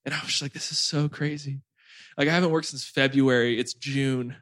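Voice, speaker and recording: A man in his late twenties hosts a casual podcast chat, rambling through animated stories and leaning on "like" as a filler. His voice sits in an ordinary middle range. The sound is dry and close, with no room in it. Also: medium pitch, brisk, no room sound. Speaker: podcast host.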